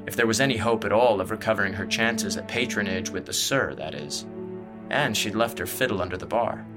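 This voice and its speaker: A man narrating a fantasy novel in a measured, expressive storytelling voice. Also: lowish voice. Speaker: audiobook narrator. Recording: music playing underneath.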